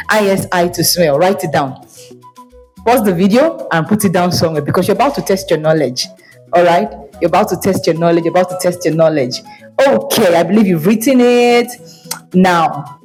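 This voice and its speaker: Woman, kids' language teacher, encouraging, models tones by sliding pitch; soft music under. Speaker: Igbo language teacher for children. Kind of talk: online language lesson.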